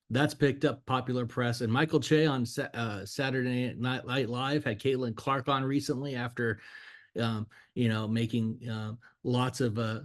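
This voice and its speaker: A man at an average pitch co-hosting a podcast interview. He works through long questions, pausing often and stumbling over his words. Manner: hesitant, with many fillers. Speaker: podcast co-host.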